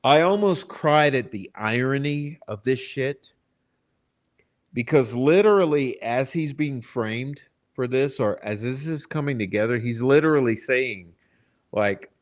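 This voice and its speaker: A man's voice: medium pitch, animated, unhurried. A man hosting a true-crime channel, delivering blunt, profane, exasperated commentary straight to his viewers. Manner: addresses the chat directly. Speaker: channel host.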